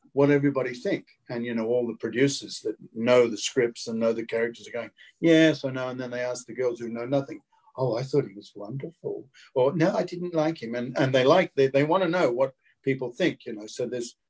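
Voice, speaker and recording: Actor telling an animated story. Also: male voice, medium pitch. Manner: animated, acts out the quotes. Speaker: guest actor. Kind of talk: casual anecdote storytelling. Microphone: video call.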